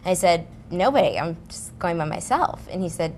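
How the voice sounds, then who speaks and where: A woman's voice: fairly low pitch, animated, a little fast, a little hiss or hum. A woman guest on a comedy game show, telling a self-mocking story in a chatty way with giggles. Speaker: celebrity guest. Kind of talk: comic anecdote on a game show.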